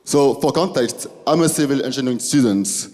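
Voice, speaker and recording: A young man from Belgium with a French accent, a student giving a halting presentation speech in a large hall. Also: mid-range voice, darkish tone. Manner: halting, restarting phrases. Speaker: student speaker. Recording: long hall reverb.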